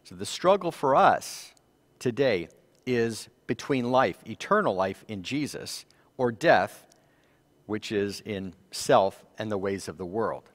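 A man with a low-pitched voice and an American accent leads a church Bible study. He reads passages aloud with lifted emphasis, then explains them in a steady teaching manner. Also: slow, long reverb tail. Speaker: Sabbath School teacher.

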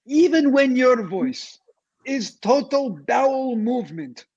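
A husky-voiced man with a high voice putting on a blunt, stern woman therapist with an Israeli accent, speaking slowly in a clipped, scolding way. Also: expressive, a little mellow, lo-fi sound, exaggerated voice.

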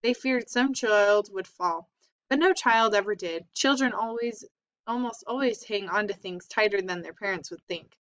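A woman's voice: medium pitch, normal speed, fairly bright tone. Brief: woman reading a storybook aloud, plain delivery with small slips, dull lo-fi sound. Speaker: reader. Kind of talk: reading a children's book aloud. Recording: slightly dull lo-fi recording.

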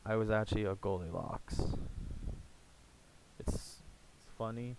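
A young American man chatting casually in a rambling, halting way, full of fillers and restarts. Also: lowish voice, noisy background. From United States. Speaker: gaming YouTuber. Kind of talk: casual rambling vlog chat.

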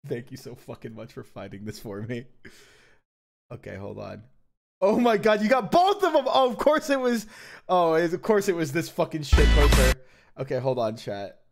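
A man chatting casually on a livestream, excitable and profane, laughing often. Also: mid-range voice, normal speed, gravelly, faint music behind. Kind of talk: casual stream chat.

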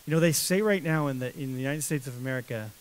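A man's voice: mid-range voice, fast, slight background noise. A man preaching an expository sermon as pastor, emphatic and repetitive, with many restarts and fillers.

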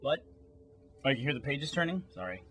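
A man's voice: medium pitch, big pitch swings, brisk, sharp tone. A man wryly grumbling between takes as a voice actor in a recording session. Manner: wry, grumbling.

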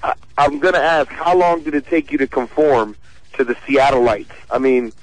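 A man's voice: medium pitch, fairly even intonation, normal speed, dry recording, low-quality recording. Stammering Philadelphia-born man on the line. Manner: stammering, hesitant. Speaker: caller.

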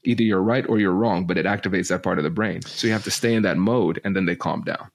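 A man who is a negotiation expert, explaining ideas as a podcast guest in an animated, teacher-like way. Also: sits low, fast talker.

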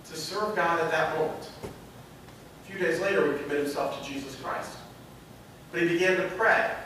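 High-voiced pastor in an echoey church. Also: male voice, a little hiss or hum. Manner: storytelling, builds to loud emphatic peaks. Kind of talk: sermon. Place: church sanctuary. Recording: echoey sanctuary, mic from a distance.

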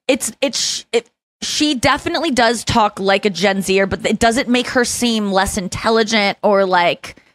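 Young woman podcast host, chatty and animated, dry close mic sound. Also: a little high, measured pace, no room sound. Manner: animated storytelling, acts out quoted voices. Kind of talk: casual chat.

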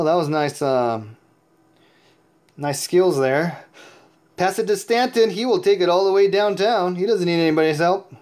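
A man with a notably high voice talks through a mobile football game in casual commentary. He sounds sleepy and worn out, but he stays chatty and excitable and laughs a lot. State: tired and sleepy. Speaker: mobile game player and YouTube host.

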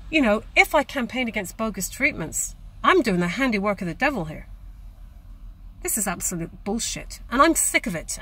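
A woman's voice: high voice, bright, forceful tone. A woman campaigner ranting to camera, indignant and emphatic, often tagging her points with "okay?". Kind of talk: angry direct-to-camera rant. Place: Ireland.

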